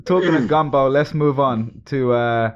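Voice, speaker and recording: A man's voice: medium pitch, moderate pace, lo-fi sound. A man co-hosting a podcast, chatting casually and explaining at length in loose sentences, often laughing. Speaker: podcast co-host. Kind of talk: casual chat.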